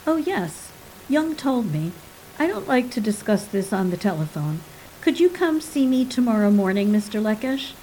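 A woman's voice: mid-range voice, very animated, moderate pace, mellow, a little hiss or hum, lightly acted, poor audio. A woman reading a story, voicing a polite young woman with a New Jersey accent and a melodic lilt.

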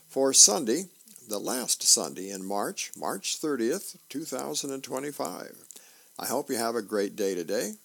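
A man, a volunteer reader, reading newspaper comics aloud in an unhurried, folksy way. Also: medium pitch, gravelly, fairly bright tone.

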